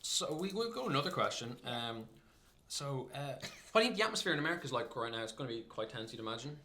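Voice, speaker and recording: A young Irish man hosting a casual live stream and reading out viewer questions with dry humor. His voice is bright and forward, with a faint hiss behind it. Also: medium pitch, very animated, fast. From Ireland. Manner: reads out audience questions, dry jokes. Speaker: livestream host. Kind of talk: casual livestream chat.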